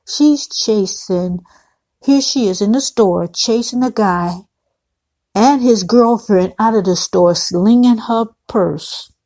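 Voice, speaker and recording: A woman's voice: mid-range voice, slow, darkish tone. A woman recapping a TV episode in a chatty, opinionated vlog, often calling her viewers guys. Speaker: TV recap vlogger. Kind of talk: casual episode recap with commentary.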